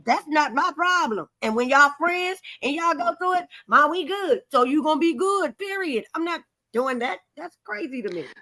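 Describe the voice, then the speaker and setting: Bright, blunt woman swearing freely. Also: high voice, expressive, normal speed, few pauses, no room sound, poor audio. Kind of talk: casual chat.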